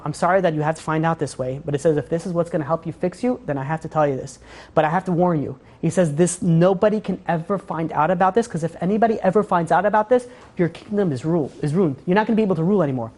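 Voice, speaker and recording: A woman telling a moral story in a casual way during a class, acting out the characters' lines as she goes. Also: fairly low pitch. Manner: animated retelling, acting out quoted lines with "he's like".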